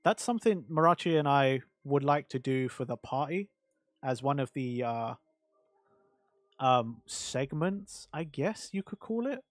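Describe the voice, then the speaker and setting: A man's voice: mid-range voice, no echo. A male streamer chatting casually on a livestream, rambling and answering chat with lots of fillers.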